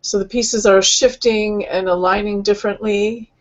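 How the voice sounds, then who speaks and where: A woman hosting an online healing session, speaking gently and rambling, with many fillers and restarts. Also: medium pitch, steady tone, normal speed, dull audio. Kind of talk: casual spiritual talk.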